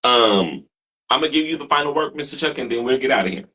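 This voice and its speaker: A man's voice: medium pitch, animated, fast, pushed and bright, husky, lo-fi sound. A man hosting a talk show, earnestly thanking his guest and viewers. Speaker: host. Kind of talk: casual talk show sign-off.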